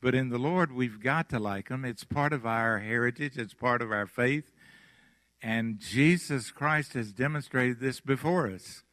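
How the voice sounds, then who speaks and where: A man with a Southern accent preaches a sermon at an unhurried pace, leaning on words and letting phrases fall away softly. His voice has a bright, forward edge, and the recording is dry with no room echo. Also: medium pitch. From Mississippi. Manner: slow, emphatic preaching with soft trailing phrases and dramatic pauses. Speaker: pastor.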